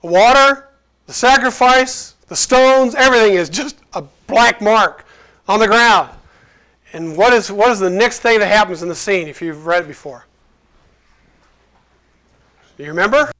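High-pitched guy giving a chatty sermon, jokes around, acts out the quotes. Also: moderate pace. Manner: lively, jokey, acts out quotes. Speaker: preacher. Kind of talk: casual conversational sermon.

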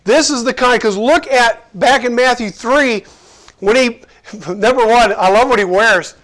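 High-pitched guy giving a chatty sermon, jokes around, acts out the quotes. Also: unhurried. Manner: lively, jokey, acts out quotes. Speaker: preacher. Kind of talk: casual conversational sermon.

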